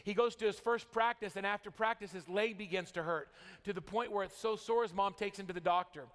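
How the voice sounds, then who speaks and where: High-voiced energetic male convention speaker. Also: brisk. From Utah. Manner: energetic storytelling, rising and dropping for drama. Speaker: motivational speaker. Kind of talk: convention keynote speech. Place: large convention hall. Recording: long hall reverb.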